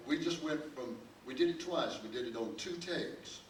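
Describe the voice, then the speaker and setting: A man's voice: a little high, normal speed, slight background noise. An older man, a guest on a panel, telling a long anecdote with many restarts. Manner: rambling, full of restarts, chuckling storyteller. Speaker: panel guest, record producer. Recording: echoey hall, distant mic, faint ambience.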